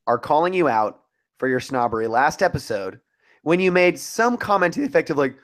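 A man's voice: a little high, sing-song, brisk. A young man co-hosting a podcast in casual chat, teasing and mock-serious. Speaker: podcast co-host.

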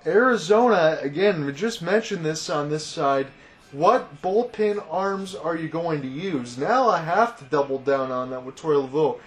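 Excitable high-voiced male play-by-play caller. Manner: calm analysis that rises to loud excited calls on big hits. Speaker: play-by-play commentator. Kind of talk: fan broadcast baseball commentary.

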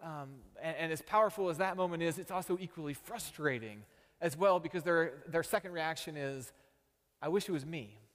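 Pastor preaching in a reverberant sanctuary. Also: male voice, a little high, brisk, a bit bright. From Texas. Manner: storytelling with self-deprecating humor. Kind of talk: sermon.

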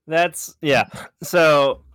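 Male podcast co-host, clear dry voice, animated and crude in casual chat. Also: a little high, extremely slow, no echo. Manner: animated, swearing, laughing storyteller.

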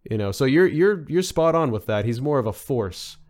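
A man's voice: mid-range voice, expressive, moderate pace, a little mellow. A man chatting as a podcast guest, rambling with many fillers and restarts. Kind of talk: casual podcast discussion.

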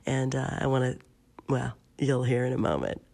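A woman's voice: rumbling low, lively intonation, moderate pace, creaky. A woman hosting her own podcast, speaking in a chatty, affectionate monologue while she is sick. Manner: warm-hearted, chatty, laughs easily. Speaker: podcast host.

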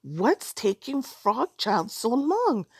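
A woman's voice: high-pitched, very animated, unhurried, no echo, studio quality, voice pushed up, full character voice. A woman voicing a playful, sly young male snake who coaxes his friend in a spoken storybook tale. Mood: coaxing. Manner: coaxing, wheedling.

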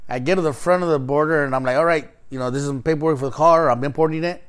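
A man's voice: a little high, very fast, smooth. A man casually telling a long story in a chat, swearing freely and acting out both sides of quoted exchanges. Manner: profane, animated, acts out quoted exchanges.

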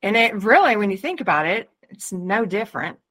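A woman's voice: medium pitch, big pitch swings, brisk, fairly bright tone. A woman co-hosting a podcast, telling candid, profane stories in casual chat and laughing often. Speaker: podcast co-host.

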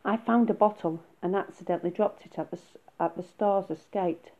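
Tearful elf girl in a storybook, pleading and despairing, read by a woman, slightly low voice, phone-like audio. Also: a little fast, dark tone, natural voice. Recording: phone-like narrow sound.

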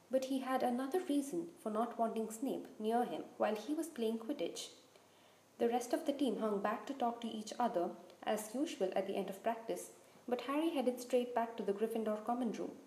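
A woman reading a children's novel aloud as narrator with clear, even storytelling. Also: on the high side, reverberant, poor audio. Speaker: audiobook narrator. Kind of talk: scripted narration.

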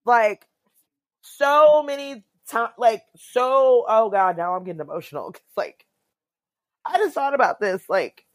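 A woman with a slightly high voice co-hosts a podcast, speaking slowly in a dry recording. She keeps the chat casual and conversational, asking questions and chiming in with frequent backchannels.

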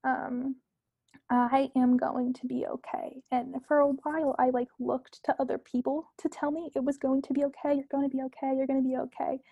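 A young woman, a podcast guest, talking casually and earnestly about herself, with many fillers and soft asides. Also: high-pitched, little pitch movement, normal speed, vocal fry, no echo, narrow, tinny audio.

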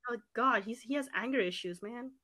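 A woman's voice: fairly high pitch, brisk, bright, forceful tone, no room sound. A young woman on a voice call with friends who laughs a lot and exclaims often. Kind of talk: casual chat. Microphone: voice chat call.

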